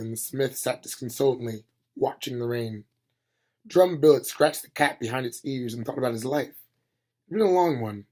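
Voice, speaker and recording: A man reads a fantasy novel aloud in an amateur audiobook style. His voice sits mid-range and has a husky edge. The delivery is plain and steady, with the odd stumble fixed on the fly. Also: mid-range voice. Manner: plain, steady reading with small slips. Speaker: reader.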